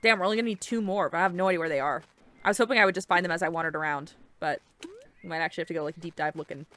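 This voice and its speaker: A young woman giving casual, excitable let's-play commentary while playing a game, chatty and swearing casually. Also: fairly low pitch, rapid-fire. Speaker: gaming video creator.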